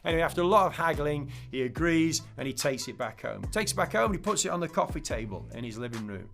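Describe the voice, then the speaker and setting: A man's voice: fairly high pitch, fast, creaky, soft background music. A middle-aged man, a PE teacher, chatting as a podcast guest and telling a long joke with voiced characters. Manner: chatty, tells jokes with lively voiced characters. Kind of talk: casual interview chat.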